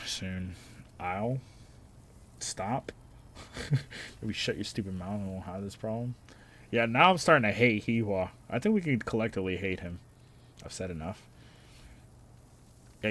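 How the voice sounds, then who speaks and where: A man's voice: fairly low pitch, fairly bright tone. A man streaming a game and bantering with his chat in a casual, sarcastic, profane way.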